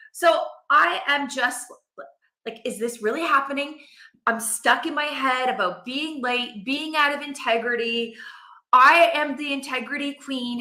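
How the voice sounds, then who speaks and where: A middle-aged woman telling a personal story to camera, animated and acting out her own quotes. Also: sits high, roomy sound. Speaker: vlogger, mother.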